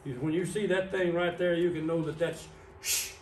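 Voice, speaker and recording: In a church sanctuary, a man serving as pastor delivers an evening sermon of Bible teaching, walking through words on a screen step by step. His fairly high voice stays steady at a normal speed. A distant mic gives a roomy church sound with a little hiss or hum.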